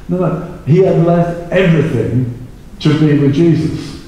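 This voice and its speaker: A male preacher with a high, mellow voice tells his stories with animated energy. He slips into quoted voices to act out the people in them. He is heard from a distance, with heavy hall echo around him. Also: normal speed. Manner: animated storytelling, acting out the disciples in quoted voices. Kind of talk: sermon. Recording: echoey hall recorded from far off.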